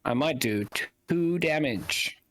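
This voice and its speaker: Slow-talking joking man playing a game. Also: fairly high pitch, lively intonation, a bit bright. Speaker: player. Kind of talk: casual tabletop game chat.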